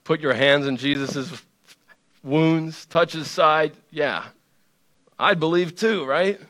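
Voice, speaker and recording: A man's voice: a little high, slow pace, fairly bright tone. A man preaching a sermon in a conversational, playful way, driving points home with emphatic repetition. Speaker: pastor.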